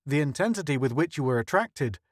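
An earnest, thoughtful scientist who explains at length in a slightly high voice, as a male narrator plays him. The sound is dry and close. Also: animated, brisk, no room sound.

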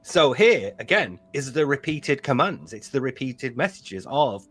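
A man commenting casually on a podcast in an animated way, often laughing. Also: mid-range voice, unhurried, few pauses, slightly rough.

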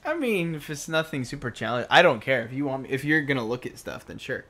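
A young man playing a video game with a friend, cracking crude jokes and tossing in quick remarks. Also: mid-range voice, animated, bright, forceful tone. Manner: crude, joking, quick interjections. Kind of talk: casual let's play banter.

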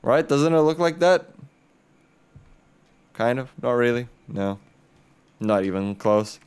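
A man's voice: mid-range voice, animated, slow, pauses often, a little mellow, clear, resonant tone. A young man doing casual let's-play commentary, joking and rambling and swearing freely. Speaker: gaming YouTuber.

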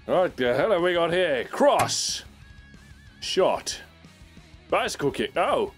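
A man giving excitable let's-play commentary, squealing and laughing as he plays. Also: a little high, slow, soft background music. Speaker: gaming YouTuber.

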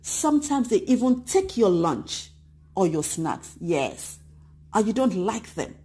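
A woman teaching a children's church lesson, retelling a Bible story and acting out the voices of excited children and grumbling crowds. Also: mid-range voice, takes it slowly, slightly rough. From Nigeria. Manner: animated, acts out voices of children and Bible figures.

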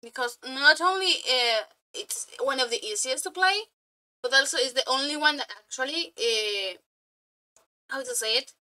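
A woman with a bright, sharp, high-pitched voice, reacting to a video with loud excitement. She swears freely and breaks into laughter, and her English phrasing sounds a little non-native. Her delivery is casual and animated. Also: moderate pace.

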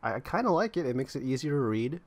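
A man's voice: mid-range voice, very animated, quick pace. A man giving casual gameplay commentary, thinking aloud and rambling as he explores an online game. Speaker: gamer playing online roleplaying servers.

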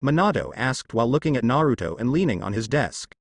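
A man narrating fan fiction in an expressive, lightly humorous storybook reading. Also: medium pitch, fast talker, dry recording.

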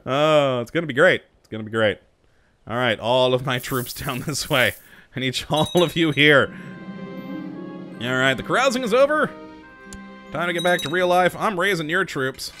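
A man's voice: mid-range voice, expressive, unhurried, fairly bright tone, faint music behind. A man commenting on his own strategy game, frantic and self-mocking, often talking straight to his troops. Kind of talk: let's play commentary.

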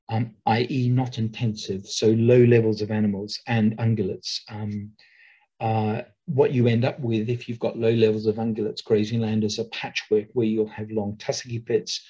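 A man who owns a nature reserve gives a webinar talk over a video call. He speaks in a relaxed, rambling way, with many ums and restarts. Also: mid-range voice, slightly rough, low-quality recording.

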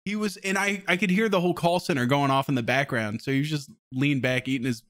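Dude rambling on a podcast, kinda high voice, swears a lot, laughs a bunch. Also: male voice, fast, fairly bright tone. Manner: profane, rambling storytelling with frequent laughter. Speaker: podcast host. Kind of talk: casual podcast chat.

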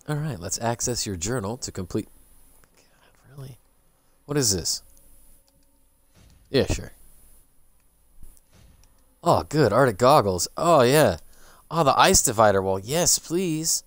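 A man's voice: fairly low pitch, expressive, measured pace, pauses often, no room sound. A man streaming a game, muttering sarcastic, swearing asides as he plays. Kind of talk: casual gameplay commentary.

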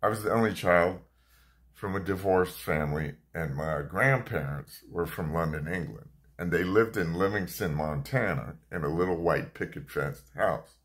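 A man in his fifties from the United States, telling a family story in a conversational, animated way with restarts. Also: low voice, moderate pace. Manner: conversational, animated, self-correcting. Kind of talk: personal storytelling.

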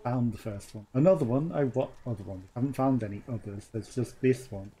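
A man's voice: mid-range voice, a little fast, mellow. A man casually commenting on a game he plays, chatty and jokey and often laughing. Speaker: let's play host.

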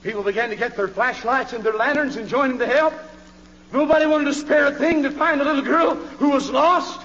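A male preacher delivering a fiery revival sermon in a church, swinging from hushed pleading to hollering. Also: very high voice, a little fast, a little hiss or hum. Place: church sanctuary. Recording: dull, reverberant old church recording.

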